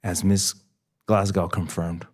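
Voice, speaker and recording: A man's voice: sits low, level tone, slow. Guy at a county board meeting public comment, fired up and emotional, voice keeps climbing. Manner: impassioned, rising to near shouting.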